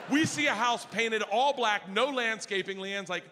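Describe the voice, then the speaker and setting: A male stand-up comedian telling a story on stage, loud and profane, acting out his family's voices. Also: high voice, animated, fairly quick, hardly any pauses. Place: large theater stage with audience laughter. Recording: live hall recording with ambient noise.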